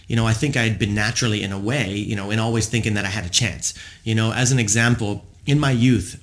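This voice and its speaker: Man musing, low-voiced. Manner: rambling, many fillers, self-reflective. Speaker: podcast host. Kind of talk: reflective personal monologue.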